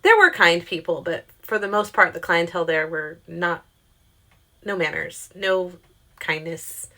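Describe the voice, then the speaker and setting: Chatty young woman telling a story. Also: unhurried. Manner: chatty, animated, swears freely, quotes herself in pitched-up voices. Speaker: storyteller vlogger. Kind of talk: casual storytime monologue.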